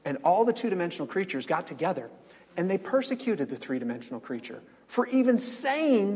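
A man preaching with a husky, high voice, full of rhetorical questions and repeated words. The sound rings in a long reverberant church hall. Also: sing-song, brisk, a little mellow. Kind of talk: sermon.

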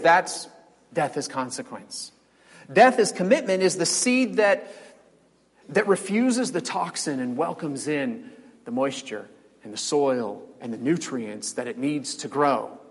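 A man preaching a sermon, animated, repeating words and asking rhetorical questions, in a church sanctuary. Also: medium pitch, husky. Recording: long hall reverb.

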